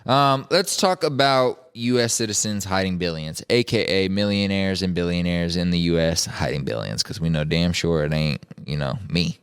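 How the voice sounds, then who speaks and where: A man's voice: sits low, normal speed, hardly any pauses, fairly bright tone, smooth. A man hosting a podcast in casual chat, joking and swearing as he rambles through the news. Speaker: podcast host.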